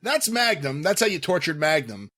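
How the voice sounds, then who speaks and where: A man's voice: a little high, very animated, moderate pace, bright, forceful tone, no room sound, studio quality. A man hosting a podcast, adding short chuckling asides to a guest's story. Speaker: podcast host. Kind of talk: casual chat.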